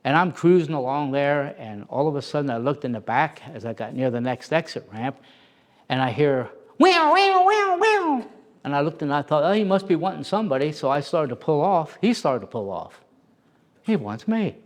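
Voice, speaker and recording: A man who plays Santa, telling a casual anecdote in an animated way and acting out the voices of the people in it. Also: fairly high pitch, a little fast. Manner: animated, acts out quoted voices.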